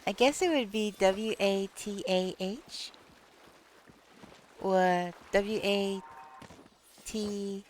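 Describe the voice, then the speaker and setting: A woman's voice: medium pitch, extremely slow, long pauses, a little mellow, a little hiss or hum. A woman live streaming, chatting casually with viewers, reading chat aloud and playing with how words are pronounced. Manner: reads chat aloud and plays with word pronunciations.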